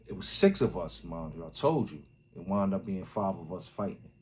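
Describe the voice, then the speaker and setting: A man from Brooklyn, hosting a podcast and telling a story in a casual, slang-heavy way, acting out loud quotes as he goes. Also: low voice, animated, normal speed, a little hiss or hum. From Brooklyn, New York. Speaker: podcast host.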